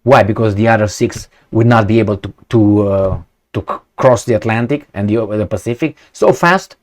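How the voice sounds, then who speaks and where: A man reading out a news story and commenting on it, blunt and sarcastic, swearing, asking rhetorical questions and stumbling through fillers and restarts. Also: lowish voice. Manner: halting, many fillers and restarts.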